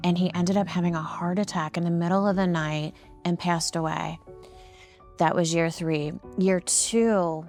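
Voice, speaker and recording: A woman with a slightly low voice speaks as an interview guest. She tells her story earnestly, pausing often with ums and restarting her sentences. Soft music plays faintly underneath. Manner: halting, with frequent ums and restarts; earnest, heartfelt. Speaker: nonprofit founder and guest.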